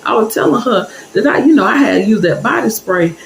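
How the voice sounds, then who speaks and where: Lively woman telling a story. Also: mid-range voice, brisk, gravelly, roomy sound, a little hiss or hum, poor audio. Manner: animated, chatty, addresses viewers directly. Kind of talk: casual storytime.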